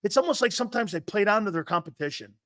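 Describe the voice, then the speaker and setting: A man hosting a football talk show in a brash, loud, profane and mocking monologue. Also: sits high, expressive, quick pace, no echo, studio quality. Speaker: sports talk show host.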